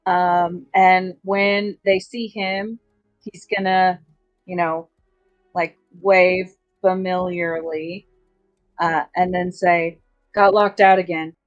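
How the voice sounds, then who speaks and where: A woman's voice: fairly low pitch, little pitch movement, drawn-out words, dull audio, faint music behind. A woman playing a tabletop game, hesitant, with many ums and likes. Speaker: player.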